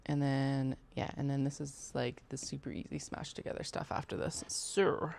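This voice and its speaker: Casual craft streamer, a woman with a low, gravelly voice, muttering and narrating her sewing steps. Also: flat delivery, normal speed, a little mellow. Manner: chatty, talks herself through steps, mutters and swears casually. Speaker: sewing livestream host. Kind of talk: casual chat while sewing.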